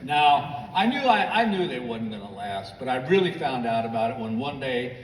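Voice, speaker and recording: A man's voice: medium pitch, big pitch swings, moderate pace, slight background noise. An older American man doing a storytelling stand-up comedy routine on a theater stage, heard through a handheld stage mic from out in the audience. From United States. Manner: storytelling, mimics his wife in quoted lines. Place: large live theater stage. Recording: audience phone recording, roomy and distant. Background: audience laughter and clapping.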